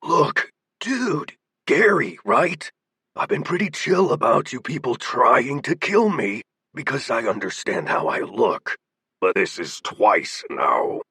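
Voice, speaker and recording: A man's voice: mid-range voice, sing-song, slow, sharp tone, breathy edge, no echo, full character voice. A man doing a wry, unflappable monster hero. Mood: exasperated. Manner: dry, grumbling understatement.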